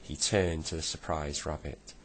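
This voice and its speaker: Deep, gravelly man reading bedtime stories. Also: fairly even intonation. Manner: slow, deliberate read-aloud. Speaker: storyteller.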